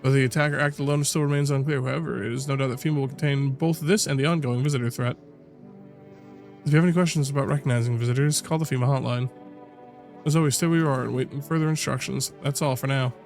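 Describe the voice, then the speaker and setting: A man reading a TV news anchor's lines aloud in a brisk, formal broadcast manner. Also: mid-range voice, fairly even intonation, darkish tone, soft background music, natural voice.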